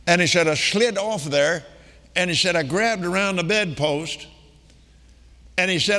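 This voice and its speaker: A man's voice: high voice, moderate pace, sharp tone. An older man preaching a sermon, retelling a healing testimony in emphatic quoted speech. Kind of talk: sermon storytelling. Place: large meeting hall. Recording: long reverb of a large hall.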